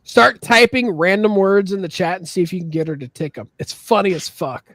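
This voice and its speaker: A man co-hosting a casual party-game chat, tipsy, loud and full of swearing banter. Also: high voice, a little fast, dry recording, studio quality. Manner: drunk, loud, profane banter. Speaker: podcast co-host.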